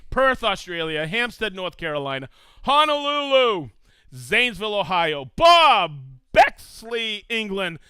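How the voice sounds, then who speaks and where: Man, livestream host, upbeat, enthusiastic, high voice, bright tone, dry sound. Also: big pitch swings, unhurried, smooth, dry recording. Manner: upbeat, enthusiastic, laughs often. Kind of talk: live stream shout-outs to viewers.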